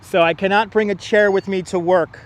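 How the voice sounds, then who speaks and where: A man's voice: high voice, steady tone, moderate pace. A man hosting an outdoor plane-spotting livestream, joking with his chat in a mock folksy "there, eh?" style and calling out arriving flights. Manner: calls out arriving flights like an announcer. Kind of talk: casual live commentary to chat. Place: outdoors near an airport runway. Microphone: wireless clip-on mic.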